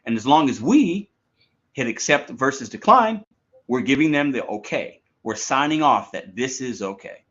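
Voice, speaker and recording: A man's voice: mid-range voice, animated, normal speed, a bit bright. Man, gig driver commentator, earnest and urging, muffled lo-fi clip audio. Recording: dull lo-fi replayed clip.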